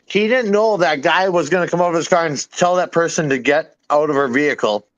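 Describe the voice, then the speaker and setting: A man's voice: fairly high pitch, a little fast, dull audio. A man in casual chat, arguing his point, swearing freely and chewing as he talks. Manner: talks while eating, swears freely, argumentative.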